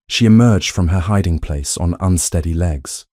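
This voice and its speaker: Deep, dark-toned male narrator. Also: no room sound, studio quality. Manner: even, measured storytelling. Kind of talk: scripted audiobook narration.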